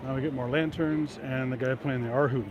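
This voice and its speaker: A man's voice: medium pitch, fairly even intonation, brisk, dull audio. A man casually narrating a walk through city streets, rambling through anecdotes with many fillers, recorded on a handheld camera mic while walking. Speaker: vlogger. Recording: street noise behind voice. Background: traffic and city ambience.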